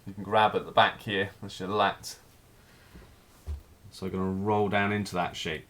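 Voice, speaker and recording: A man teaching a live figure drawing class, talking through each stroke as he draws, in a relaxed, thinking-aloud way. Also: low voice, moderate pace.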